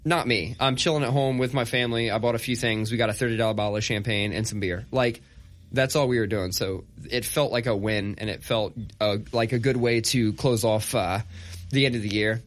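A man's voice: mid-range voice, fairly quick. A man in his thirties chatting casually on a podcast, telling stories with animation and cursing freely. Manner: animated storyteller, swears freely. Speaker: podcast co-host. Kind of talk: casual chat.

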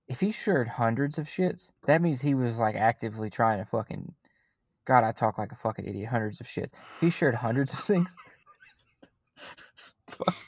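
A man's voice: medium pitch, dry recording. Podcast guest, man, Southern country accent, rambling, swears a lot, dry close sound. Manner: rambling, heavy swearing, roundabout sentences. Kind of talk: casual podcast chat.

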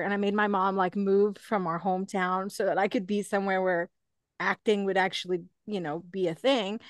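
A woman's voice: mid-range voice, fairly even intonation, moderate pace, no room sound, studio quality. A young woman hosting an interview over a video call, talking in a gushing, chatty way full of fillers. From Canada. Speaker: host. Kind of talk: casual interview chat.

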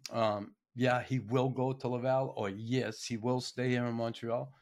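A man's voice: mid-range voice, little pitch movement, measured pace, a little mellow. A middle-aged man giving a casual, blunt hockey opinion monologue, folksy and swearing freely. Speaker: hockey commentator.

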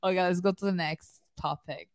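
A woman's voice: fairly low pitch, steady tone, brisk, no room sound. A young woman co-hosting a casual chat, talking earnestly and chattily, with slips in her grammar. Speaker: co-host.

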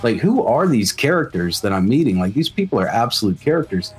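A man's voice: mid-range voice, sing-song, a little fast, husky, faint music behind. A man from the South, a musician telling stories in casual chat, rambling and full of fillers. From South Mississippi. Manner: rambling, many "like" fillers, swears freely. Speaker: musician guest.

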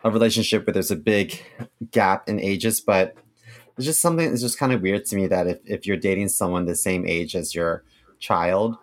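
Dry-humored man in his fifties, low voice. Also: moderate pace. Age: 50s. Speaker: podcast co-host. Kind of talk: casual podcast chat.

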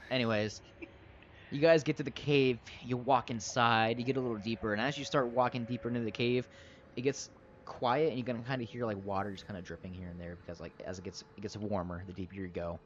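A man's voice: mid-range voice, steady tone, quick pace, a little hiss or hum. A young man narrating a tabletop game as game master, rambling with lots of fillers. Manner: rambling, filler-heavy, laughs easily. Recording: dull lo-fi recording.

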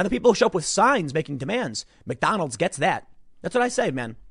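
Man, political commentator, ranting monologue, lively swinging pitch, fairly high voice. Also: no room sound, studio quality. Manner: emphatic, ranting, repeats words. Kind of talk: opinion monologue.

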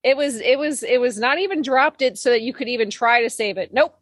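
Woman podcast cohost, high voice, cursing and venting, dry close mic. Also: fairly quick, no room sound. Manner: profane, exasperated venting. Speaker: podcast co-host. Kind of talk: casual chat. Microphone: podcast microphone.

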